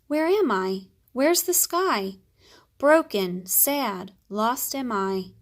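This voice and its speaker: Lady doing a sad little moon, soft and lilting, storybook voice. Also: fairly high pitch, animated, drawn-out words, heavily acted. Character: broken sad moon girl, lonely and gentle.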